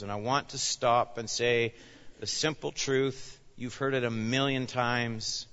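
A man preaching with a bright, forceful voice that rises loud and then drops to a hush. He speaks as a pastor in an emphatic sermon. The sound is a bit dull and rings with long reverb from a large hall. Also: medium pitch, steady tone, measured pace. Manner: emphatic, swings from loud declarations to hushed asides.

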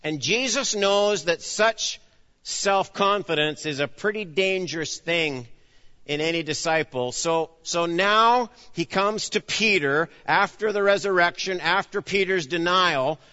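Bright-voiced preacher man in a hall. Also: sits high, a little slow, highs cut off. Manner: acts out dialogue with shifting emphasis, swings between loud and hushed. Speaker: pastor. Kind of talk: sermon.

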